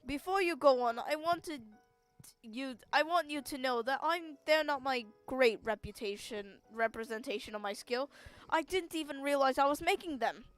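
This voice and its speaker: A woman's voice: sits high, normal speed, dry recording, soft background music, lightly acted. A woman voicing an earnest, sentimental old male chef in a video game, in a near-plain reading voice.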